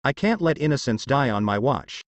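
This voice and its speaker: A man voicing a calm, earnest young male ninja hero who protects the innocent, in a story narration. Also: mid-range voice, normal speed, no echo, natural voice.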